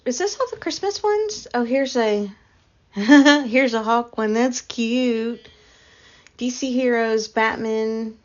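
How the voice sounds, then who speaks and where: A middle-aged woman hosting a casual live stream, chatty and quick to laugh as she talks to her chat. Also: fairly high pitch. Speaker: livestream host. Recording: dull lo-fi stream audio.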